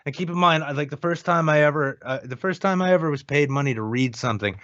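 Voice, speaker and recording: A man's voice: fairly high pitch, fast talker, fairly bright tone. A man co-hosting a podcast, talking in a dry, sardonic way with swearing. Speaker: podcast co-host. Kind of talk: sardonic casual chat. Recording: dry, dull lo-fi mic.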